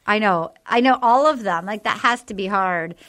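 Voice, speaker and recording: A woman hosting a podcast, telling stories in an animated, casual way and swearing now and then. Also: mid-range voice, moderate pace. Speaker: podcast host. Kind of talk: casual chat recapping a reality show.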